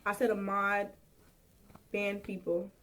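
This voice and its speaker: A woman's voice: mid-range voice, level tone, slow pace, fairly bright tone. A woman livestreaming, irritated and upset, venting to her viewers. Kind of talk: livestream talk to chat. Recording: distant sound from a played-back livestream.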